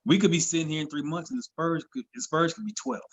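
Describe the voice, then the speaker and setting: A man's voice: a little high, fast talker, a little hiss or hum. Regular guy voice, hedging his picks on a sports pod. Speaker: podcast co-host. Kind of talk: casual sports chat.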